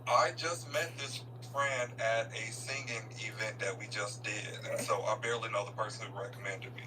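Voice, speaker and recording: A man with a low voice gives a heartfelt tribute, stumbling and repeating himself as he goes. He sounds far from the microphone, and there is clear noise and a hum behind him. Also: steady tone. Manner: earnest, halting, repeats words. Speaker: student giving a tribute. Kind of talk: spontaneous tribute speech at a live event. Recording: distant mic with a noisy room and hum.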